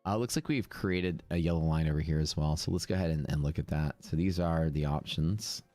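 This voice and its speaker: A man's voice: a bass voice, a little fast, warm tone, no room sound, faint music behind. A man live-streaming his trading screen, casually thinking aloud with fillers and restarts. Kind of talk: live screen-share commentary.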